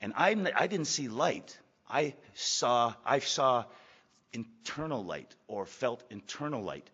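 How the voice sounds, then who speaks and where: A man's voice: mid-range voice, animated, takes it slowly, sharp tone. Blunt older man testifying in an echoey hall. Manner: blunt, emphatic, repeats phrases for weight; gruff and profane. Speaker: recovery meeting speaker. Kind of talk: personal testimony to a meeting. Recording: echoey hall, dull lo-fi sound.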